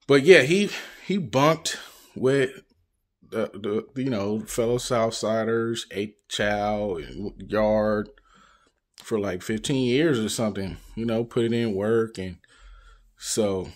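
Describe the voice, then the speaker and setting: Easygoing man rambling on a vlog. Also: mid-range voice. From Northern California. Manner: loose, rambling, full of "you know what I'm saying". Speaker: YouTube vlogger. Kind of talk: casual storytelling monologue.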